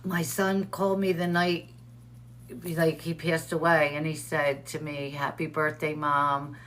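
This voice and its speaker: Middle-aged lady hosting a live stream, kinda low voice, chatty, reads the chat out and talks back to folks by name. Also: little pitch movement, measured pace, a little hiss or hum. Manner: storytelling with quoted dialogue. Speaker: host of a livestream show.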